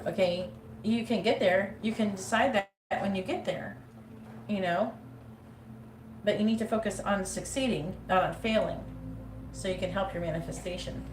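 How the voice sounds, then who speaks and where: A woman's voice: mid-range voice, normal speed, noisy background. A woman giving a live-streamed tarot reading, talking bluntly and swearing freely. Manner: blunt, swears freely, mimics nagging voices. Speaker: psychic reader. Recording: echoey room with faint ambience.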